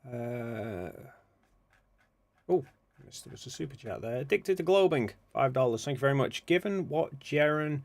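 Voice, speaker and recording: A man hosting a casual livestream, muttering quietly to himself as he works, then speaking up to address his viewers. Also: medium pitch, expressive, normal speed, creaky. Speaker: livestream host. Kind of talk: casual livestream chat, thinking aloud.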